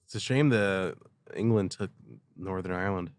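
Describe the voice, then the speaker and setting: A man on a podcast, chiming in with quiet, brief remarks in casual chat. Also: low-pitched, normal speed, no echo, studio quality. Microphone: podcast mic.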